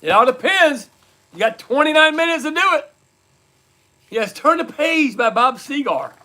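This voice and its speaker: A man with a very high, bright and forceful voice hosts a live trivia night in casual chat. He reads out scores and repeats each question slowly. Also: expressive. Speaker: livestream trivia host.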